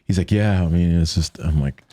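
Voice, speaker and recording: A man telling a story casually as a guest, animated, acting out quotes in a higher voice. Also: normal speed, no room sound.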